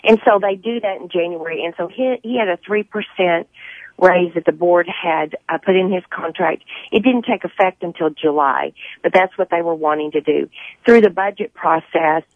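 Hoarse woman, district spokesperson, measured phone interview, thin dry line. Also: on the low side, no echo, phone-quality sound. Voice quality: scratchy. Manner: measured, careful, with many fillers. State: hoarse from a cold. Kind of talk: phone interview on morning radio. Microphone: telephone.

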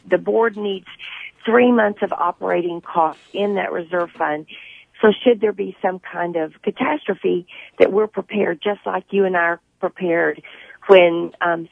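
Hoarse woman, district spokesperson, measured phone interview, thin dry line. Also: lowish voice, no room sound, narrow, tinny audio. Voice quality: scratchy. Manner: measured, careful, with many fillers. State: hoarse from a cold. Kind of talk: phone interview on morning radio. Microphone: telephone.

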